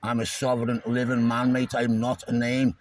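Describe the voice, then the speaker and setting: A man filming himself in an argument with police, repeating "mate" and often shouting. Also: mid-range voice, monotone, normal speed, low-quality recording. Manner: argumentative, repeats "mate" constantly, stumbles over words. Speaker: self-filming activist. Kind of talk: heated roadside argument. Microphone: handheld phone camera.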